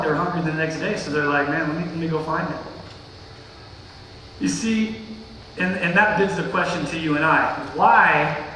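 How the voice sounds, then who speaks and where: A man preaching a casual sermon as pastor, retelling a passage in slangy, animated everyday talk. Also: high-pitched, a little hiss or hum. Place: church sanctuary. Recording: echoey hall, distant mic.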